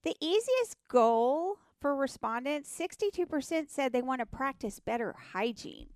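A woman co-hosting a radio show in casual chat, telling stories haltingly with many fillers and restarts. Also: high-pitched, big pitch swings, darkish tone, dry recording, studio quality. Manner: hesitant, rambling storyteller with many fillers. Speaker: radio co-host.

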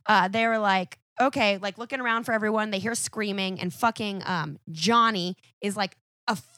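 A woman chatting as a podcast guest, telling a story in a profane, animated way and acting out each character. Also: medium pitch, normal speed, dry recording, clean studio sound. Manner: animated, profane retelling that acts out every character. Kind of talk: casual podcast chat.

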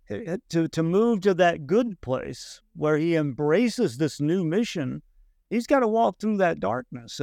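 A man's voice: on the high side, gravelly, darkish tone, dry recording, clean studio sound. A man speaking earnestly in a Bible discussion, with a preacherly way of repeating himself.

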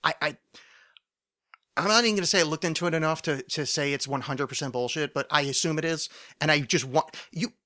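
A man talks alone on his podcast, rambling through half-finished sentences full of fillers and restarts and peppered with swearing. His voice sits a little high and has a bright, forward edge. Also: brisk. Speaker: podcast host. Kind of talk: solo rambling monologue.

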